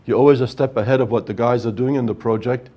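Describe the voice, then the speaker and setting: Speaking fast with fairly even intonation, a man with a mellow, medium-pitched voice lectures on project management in a workshop. He builds his technical explanation step by step at a whiteboard, regularly tossing in "right?"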